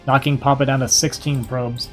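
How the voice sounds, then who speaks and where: A young man giving casual, quick play-by-play commentary on a strategy game match, a little hoarse and thinking aloud as he goes. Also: medium pitch, little pitch movement, soft background music. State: slightly hoarse, losing his voice. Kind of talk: live esports play-by-play commentary.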